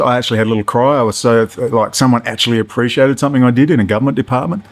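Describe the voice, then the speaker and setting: A man's voice: medium pitch, very fast, hardly any pauses. A middle-aged man, delivering a profane, heated, sarcastic political rant. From Australia. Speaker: political commentator. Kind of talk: ranting monologue.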